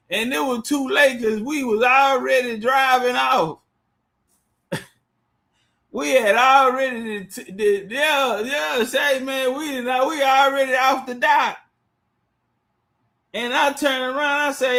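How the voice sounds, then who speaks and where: A man telling a story in a casual, animated, profane way, laughing often as he goes. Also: extremely high pitch, unhurried.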